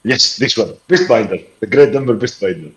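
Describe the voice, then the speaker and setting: A man's voice: on the low side, animated, brisk, reverberant, rough recording. Joking man playing a tabletop game. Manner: joking, laughs often. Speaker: player. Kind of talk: casual role-play chat.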